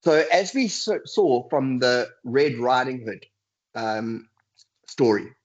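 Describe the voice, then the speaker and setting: A man's voice: mid-range voice, animated, takes it slowly. A man giving a guest lecture in a webinar, speaking earnestly and acting out inner voices with sighs. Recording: dull, lo-fi video call audio.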